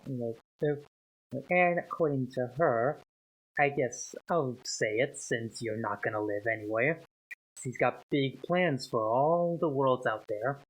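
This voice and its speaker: A man's voice: medium pitch, animated, measured pace, low-quality recording. A man running a tabletop game as game master, narrating scenes and slipping into character lines between laughs, recorded over a voice call. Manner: laughing, voicing characters in passing.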